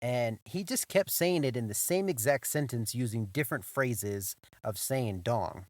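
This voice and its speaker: Profane, animated young man telling a story. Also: mid-range voice, a little slow, dry recording. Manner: animated, profane, repeats himself, says "bro". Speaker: podcast host. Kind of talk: casual storytelling monologue.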